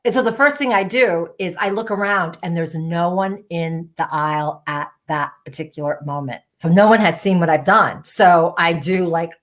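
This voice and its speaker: A middle-aged woman telling a personal story in an animated way, full of "like" and "you know" fillers. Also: lowish voice, moderate pace, hardly any pauses. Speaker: storytelling show host.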